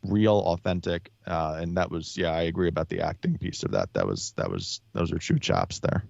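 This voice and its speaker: A man's voice: low-pitched, animated, normal speed, vocal fry, darkish tone, no room sound. A man, a podcast guest, chatting casually and circling back with many restarts and fillers. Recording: dull lo-fi sound, dry.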